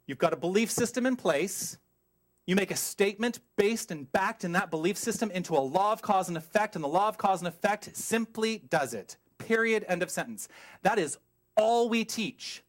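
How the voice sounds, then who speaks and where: A middle-aged man preaching a sermon as a minister, emphatic and animated, putting questions to the congregation and wandering off on tangents. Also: high-pitched, normal speed.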